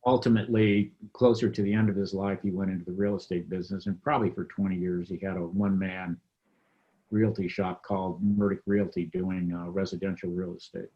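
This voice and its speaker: A man's voice: low voice, flat delivery, a little fast. A man in his seventies from the United States, recalling his family's past in an oral history interview, in a rambling, reflective way. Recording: dull lo-fi sound.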